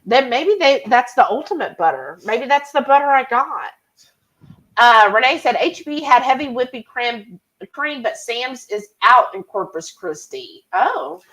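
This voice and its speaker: A woman's voice: a little high, animated, a little slow, fairly bright tone, low-quality recording. A woman hosting a cooking live stream, chatting casually and reading viewer comments aloud. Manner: chatty, rambling, reads chat comments aloud. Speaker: cooking channel host.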